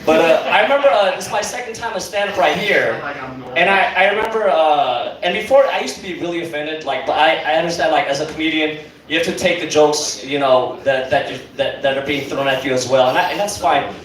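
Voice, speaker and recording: A young man with a slightly high, fairly bright voice talks a little fast through a rambling, profane stand-up set on a comedy club stage, packing in plenty of fillers. The club is echoey and the mic picks him up from far off, with the crowd audible and the audience laughing.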